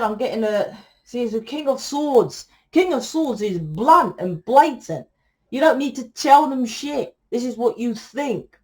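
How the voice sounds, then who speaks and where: A woman's voice: fairly high pitch, a little mellow. A woman giving a casual tarot reading, blunt and lecturing, swearing freely as she talks to her viewers. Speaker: tarot reader.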